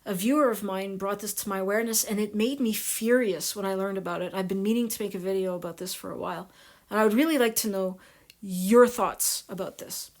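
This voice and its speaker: Soft-spoken, hesitant woman vlogger. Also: mid-range voice. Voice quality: soft voice that viewers compare to ASMR. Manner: hesitant, many pauses and fillers. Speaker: video channel host. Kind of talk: casual monologue to viewers.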